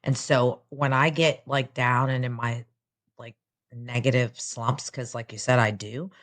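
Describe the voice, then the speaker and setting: A woman with an unusually low voice, talking frankly on a podcast. She is candid and casual, dropping the odd swear word and filling pauses with ums. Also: fairly even intonation, a bit bright.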